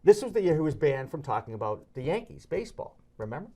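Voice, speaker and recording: A middle-aged man hosting a sports talk show, telling stories in a casual, animated way and slipping into high voices when he quotes people. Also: fast talker. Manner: animated, jumps into high-pitched voices when quoting others.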